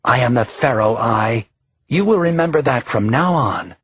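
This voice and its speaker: A man's voice: mid-range voice, animated, normal speed, slightly rough, dry recording, muffled recording. A man voicing a proud, hot-tempered young king who gives haughty commands in an audiobook. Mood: commanding.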